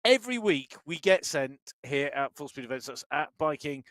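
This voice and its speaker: A man commentating a live virtual cycling race, excitable and quick to laugh, building up hard through the sprint finishes. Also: a little high, no echo. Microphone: headset with talkback in ears.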